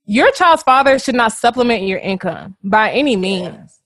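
A woman co-hosting a casual gossip podcast, talking in a quick, animated, slangy way. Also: on the high side, no echo, clean studio sound. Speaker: podcast co-host.

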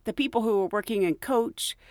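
A woman podcast host telling casual stories, animated and giggly, acting out the voices of the people she quotes. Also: fairly high pitch, a little fast, no echo, studio quality. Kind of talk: casual storytelling.

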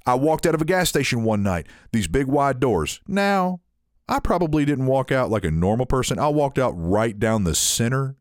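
A man telling a long story in casual chat, animated and full of restarts. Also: medium pitch, moderate pace, dry recording, clean studio sound. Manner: animated, frequent restarts, mimics others in story.

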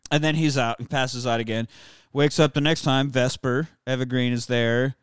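Profane animated podcast host man. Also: medium pitch, normal speed, smooth, no echo, studio quality. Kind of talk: casual movie recap chat.

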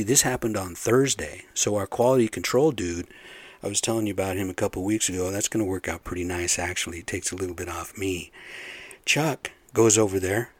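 In a low-ish voice with no room sound, a man who runs construction sites vents to camera about careless workers. The rant is casual, blunt, frustrated, and full of profanity.

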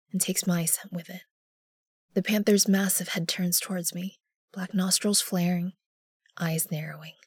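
A woman narrating an audio drama in the first person, measured and often hushed. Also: lowish voice, slightly rough, no echo, clean studio sound. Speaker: narrator and lead character.

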